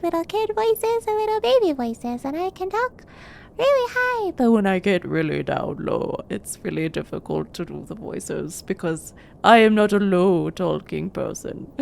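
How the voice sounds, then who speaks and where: A woman's voice: sits high, very animated, moderate pace, creaky, slight background noise. Giggly young woman streaming a game. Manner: giggly and chatty, reacting to the game. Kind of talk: casual livestream commentary.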